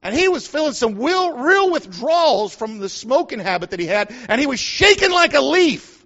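Middle-aged man, very high voice, folksy preacher telling stories, dull lo-fi recording. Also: big pitch swings, normal speed, bright, forceful tone. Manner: folksy storyteller, acts out quotes. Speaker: pastor. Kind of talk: sermon with personal story. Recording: dull lo-fi sound.

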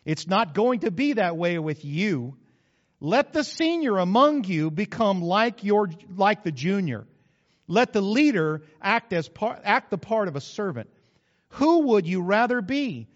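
A middle-aged male pastor preaches a sermon with animated energy and sudden loud bursts, his voice a bit high for a man. The recording is dull and muffled, with a long hall reverb.

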